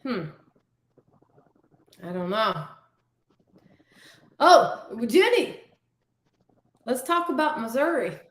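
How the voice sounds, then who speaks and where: A woman with a fairly high voice chats and reacts freely in an easy back-and-forth. She is a paranormal investigator talking about a hunt. Her voice rings out in a roomy, echoing space. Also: sing-song, very slow, long pauses. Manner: chatty, reactive. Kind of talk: casual chat. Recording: roomy echo.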